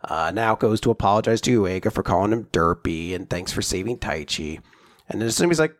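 A man's voice: mid-range voice, lively intonation, a little fast. A young man in casual chat, animatedly retelling a chapter and jumping into character voices as he goes. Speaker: podcast co-host recapping a manga chapter.

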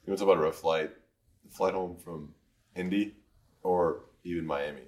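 An easygoing man hosts a casual podcast chat. His voice is very low, and he keeps cheering his guest on. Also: fairly even intonation, moderate pace, darkish tone. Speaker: podcast host.

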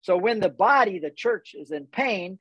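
An older man explaining Bible stories in casual conversation, animated and full of rhetorical questions. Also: sits high, normal speed, husky, no room sound, rough recording. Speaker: guest.

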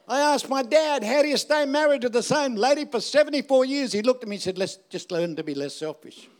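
A man's voice: very high voice, animated, brisk, hardly any pauses. An older man preaching a sermon, joking and asking the audience emphatic rhetorical questions. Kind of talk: sermon with humorous stories.

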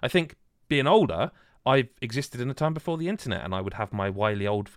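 Hosting a podcast, this man from Wales trades casual, rambling, jokey banter with friends and restarts constantly. He talks quickly in a mid-range voice with lively intonation, and the studio recording is dry and clean.

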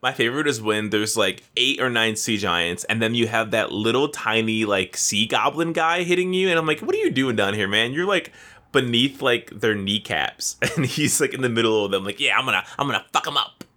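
Bright-voiced ranting man. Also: medium pitch, normal speed. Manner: profane, ranting, animated complaints. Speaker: podcast co-host. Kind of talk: casual gaming chat.

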